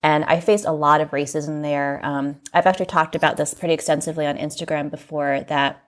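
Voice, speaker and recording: A woman from the United States, a magazine editor and podcast guest, recounting personal memories in an earnest, reflective way, often filling pauses with "like". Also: deep voice, steady tone. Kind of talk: candid personal storytelling in an interview.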